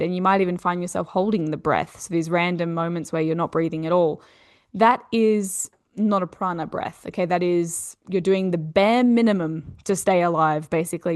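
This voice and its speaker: A woman with an Australian accent, a yoga teacher explaining ideas in an earnest teaching talk, often checking in with "you know" and "okay". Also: fairly low pitch.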